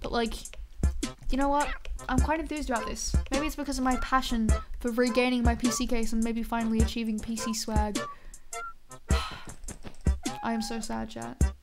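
High-voiced, chatty woman streamer. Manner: chatty, swears often, talks to chat. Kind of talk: casual live-stream chat while gaming.

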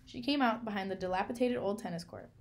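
Woman storybook reader, measured and clear, mid-pitched with some vocal fry. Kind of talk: storybook read-aloud.

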